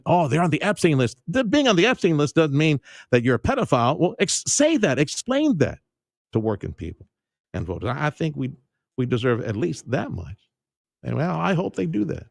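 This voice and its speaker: A man hosting a radio talk show, speaking emphatically and pushing his pitch up when he makes a point. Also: creaky, darkish tone, no echo, studio quality. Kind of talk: opinionated radio talk and interview. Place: radio studio. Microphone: studio microphone.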